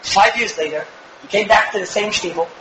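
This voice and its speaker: A man giving a Torah talk, telling a story in an animated, digressive way and acting out the quotes. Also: high-pitched, brisk, echoey room, noisy background. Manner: animated, digressive, often restarts and acts out quotes. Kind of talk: Yiddish-flavored Torah lecture, storytelling. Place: synagogue or study hall.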